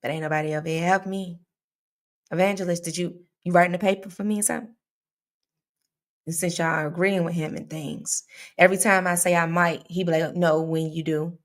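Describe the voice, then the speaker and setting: Woman with a lowish voice, true crime host chatting live with viewers, laughs easily and keeps calling them y'all. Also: steady tone, a little fast. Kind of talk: casual live chat with viewers.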